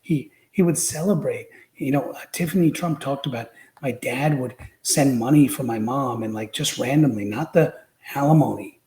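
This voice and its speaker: A man's voice: mid-range voice, normal speed, few pauses, echoey room, slight background noise, rough recording. A man talking as a podcast guest, telling stories with animation and acting out the quotes. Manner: animated storyteller, acts out quotes. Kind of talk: casual political chat.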